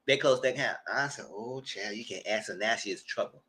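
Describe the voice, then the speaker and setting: A man hosting a TV recap channel, retelling a story loudly and dramatically, with swearing and "girl" and "y'all" asides, sometimes squealing high voices for the people he quotes. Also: fairly quick, hardly any pauses, very noisy. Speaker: channel host reviewing TV. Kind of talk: animated casual recap.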